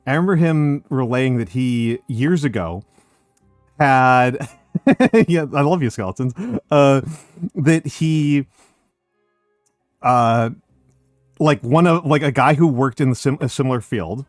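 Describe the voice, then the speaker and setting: A man's voice: mid-range voice, dry recording, studio quality. An American man on a voice call, rambling and swearing in casual chat, laughing often. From United States. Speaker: streamer.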